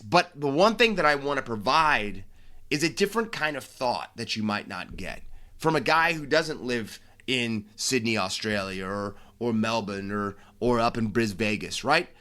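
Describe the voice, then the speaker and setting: A man's voice: medium pitch, animated, normal speed, pushed and bright. An American man hosting a solo sports podcast, talking casually with brash flair and frequent restarts. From United States. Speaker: podcast host.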